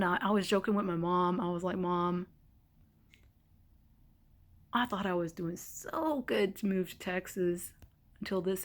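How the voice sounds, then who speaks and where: A woman's voice: medium pitch, a bit bright. Young woman rambling to camera, fed up but laughing it off, big sighs. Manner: candid, exasperated, swings between laughing and heavy sighs. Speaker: vlogger. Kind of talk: casual vlog monologue. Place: temporary hotel stay during a winter storm.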